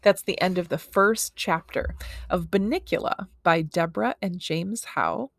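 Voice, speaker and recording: A woman reads a children's book aloud in a friendly, expressive way. Her voice has a gravelly fry underneath. The sound is dry and close, with no room echo. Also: fairly low pitch, unhurried. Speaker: read-aloud storyteller.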